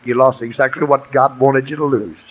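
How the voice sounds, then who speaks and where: A man preaching a lively sermon to a congregation, calling out for praise and answers. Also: medium pitch, fairly quick, breathy edge, phone-quality sound. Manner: exuberant call-and-response preaching, shouts and laughs. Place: church sanctuary.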